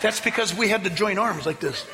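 A man preaching a sermon as pastor, telling a story in an animated way and acting out the people he quotes. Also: sits high, a little fast, long reverb tail. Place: church.

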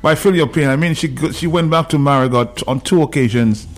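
A man's voice: on the high side, fairly quick. A man hosting a call-in radio show, sympathetic and pleading with listeners to help. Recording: radio broadcast with music bed.

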